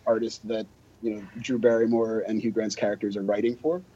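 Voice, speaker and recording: A man's voice: lowish voice, little pitch movement, brisk, mellow, slightly rough. A man, a podcast guest, casually telling self-deprecating anecdotes about his time as a drummer. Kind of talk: casual storytelling. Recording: dull, lo-fi podcast audio.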